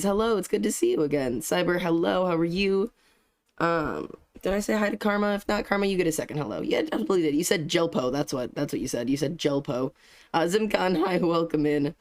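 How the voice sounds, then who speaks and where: A young man live-streaming, greeting viewers by name and joking in a self-deprecating way, with casual swearing. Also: fairly high pitch.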